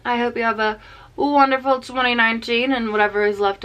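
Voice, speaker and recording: A chatty young woman talks straight to her viewers in a casual, earnest pep talk. Her voice sits a little on the high side, and she fills her sentences with "like" as she goes. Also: normal speed, fairly bright tone. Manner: chatty, frequent "like" fillers, earnest. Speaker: vlogger.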